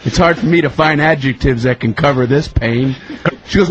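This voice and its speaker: Animated man telling a comic story. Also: a little fast, muffled recording. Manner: animated, jumps into loud high-pitched put-on voices. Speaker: comedian guest. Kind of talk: storytelling comedy bit.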